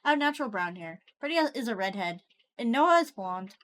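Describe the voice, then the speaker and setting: A woman streamer reading a horror story aloud, animated and quick to joke between passages. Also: on the high side. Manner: animated, breaks into laughter and jokes.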